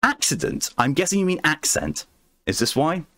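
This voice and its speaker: A man streaming a game late at night, chatting calmly with his chat and answering messages in a soothing tone. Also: fairly high pitch, normal speed, no echo. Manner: calm, soothing voice meant to lull viewers to sleep.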